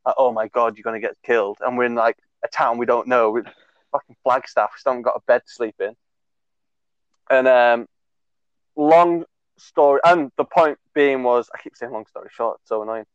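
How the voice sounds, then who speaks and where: This podcast co-host, a young man in his twenties, shares a long, meandering story in casual conversation, laughing and cursing along the way and leaning on fillers. His voice is medium-pitched at a moderate pace, and the recording sounds dry and muffled.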